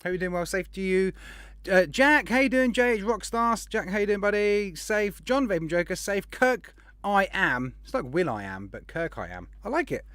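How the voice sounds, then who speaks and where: A man hosting a casual livestream podcast, chatty and jokey, rattling off shout-outs to viewers. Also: high-pitched, expressive, normal speed, no room sound. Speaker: podcast host.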